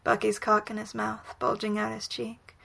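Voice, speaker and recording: A woman reading a romantic story aloud in whispered role-play, soft, breathy and unhurried. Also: mid-range voice, completely flat delivery. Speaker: reader.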